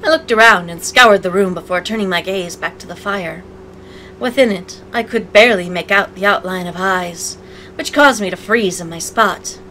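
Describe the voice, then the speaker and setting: A woman's voice: mid-range voice, moderate pace, sharp tone, slight background noise, rough recording. A woman narrating a visual novel aloud as a let's play, breaking in with sarcastic, playful asides. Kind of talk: reading game text aloud with commentary.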